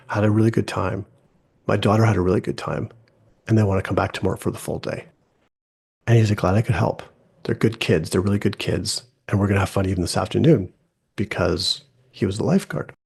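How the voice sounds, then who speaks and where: A man's voice: lowish voice, brisk, vocal fry, darkish tone, husky. A middle-aged man, a podcast host, telling a personal story in a casual, conversational way and acting out quoted dialogue.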